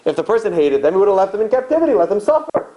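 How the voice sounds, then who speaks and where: A rabbi with a high male voice gives a rapid-fire, animated Torah lecture to a live audience in a synagogue hall, repeating phrases and asking rhetorical questions. The recording is rough.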